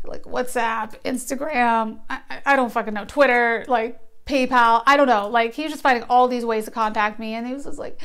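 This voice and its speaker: A young woman tells a story to her camera in a relaxed vlog. Her voice is smooth and sits a little high. She is blunt and sarcastic, and she swears casually. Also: normal speed. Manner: blunt and profane, sarcastic asides. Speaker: vlogger.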